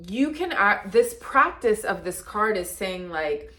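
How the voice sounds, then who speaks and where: A woman's voice: medium pitch, big pitch swings, measured pace, bright, forceful tone. A woman giving a casual, intuitive card reading, talking in a chatty, earnest way with lots of "like" and restarts. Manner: chatty and earnest, heavy use of "like". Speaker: card reader and deck creator.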